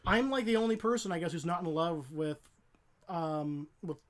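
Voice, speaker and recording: A man's voice: on the high side, lively intonation, normal speed. A man co-hosting a casual podcast. He speaks in short, dry remarks and pushes back on his co-host. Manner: dry, brief, contrary remarks.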